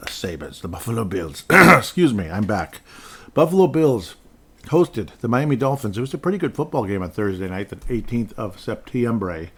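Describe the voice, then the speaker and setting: A man with a fairly low voice hosts a solo podcast from his desk. He rambles through scores as he reads them aloud and drops dry, sarcastic remarks along the way. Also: husky. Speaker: podcast host. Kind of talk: casual solo sports talk. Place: indoors at a desk in front of a screen.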